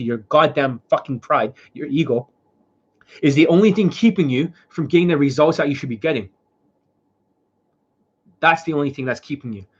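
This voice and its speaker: A man's voice: on the high side, husky. A man who is unwell and coughing, doing a livestream question-and-answer as a dating coach, talking bluntly with lots of profanity. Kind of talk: livestream Q&A talk. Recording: dull lo-fi sound.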